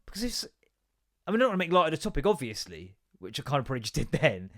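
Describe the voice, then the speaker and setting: A man's voice: on the high side, huge pitch swings, rapid-fire, fairly bright tone, no echo, clean studio sound. Sweary rambling man. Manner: sweary, rambling, with frequent asides. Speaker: podcast host. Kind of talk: casual comedic rant.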